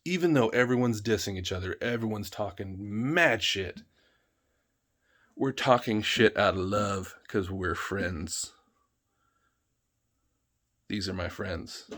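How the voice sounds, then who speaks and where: A man's voice: lowish voice, slow pace, long pauses, a bit bright. A man ranting in a vlog, heated, emphatic and full of swearing. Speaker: vlogger.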